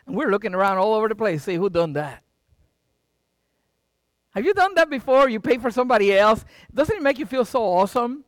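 Middle-aged man, sermon-style pastor, very animated pitch, folksy and joking with his flock. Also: fairly quick, pauses often, dry recording, clean studio sound. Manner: dramatic preaching with sudden loud and quiet swings; folksy, joking asides to the congregation.

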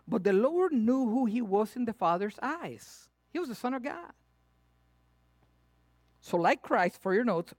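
High-voiced emphatic preacher man. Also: expressive, unhurried, no echo. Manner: emphatic, repeating key phrases. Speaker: pastor. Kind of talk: sermon.

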